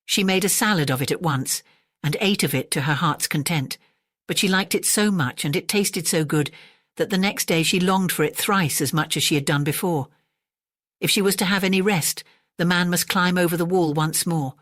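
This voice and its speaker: Low-voiced woman reading bedtime stories. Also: no echo, clean studio sound. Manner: gentle and unhurried. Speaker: storyteller. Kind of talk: soothing bedtime story narration.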